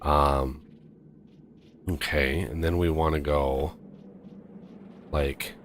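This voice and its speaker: A man's voice: rumbling low, steady tone, very slow, slight background noise. A man streaming a multiplayer game, casually thinking aloud and counting off steps as he builds. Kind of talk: casual multiplayer gameplay chat.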